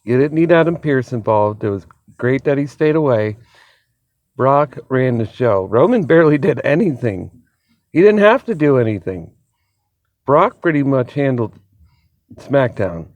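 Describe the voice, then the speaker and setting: A man hosting his own channel delivers casual solo commentary, amped up on an energy drink. He is excitable, laughs often and swears freely. The recording sounds dull and lo-fi, with no room around the voice. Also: mid-range voice, measured pace, dry recording. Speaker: wrestling commentary channel host.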